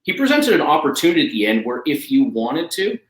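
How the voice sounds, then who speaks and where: A man's voice: a little high, sing-song, brisk. Enthusiastic man in a roomy echo. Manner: enthusiastic, emphatic, repeats key phrases. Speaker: guest, life coach. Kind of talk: energetic conversational talk.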